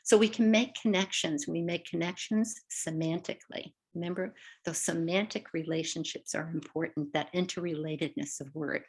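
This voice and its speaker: An older woman who teaches literacy gives a webinar lesson over a video call, speaking at a moderate pace with fairly even intonation. Her voice is on the low side and slightly rough. She's chatty and conversational, often checking in with listeners through "right?" and "all right."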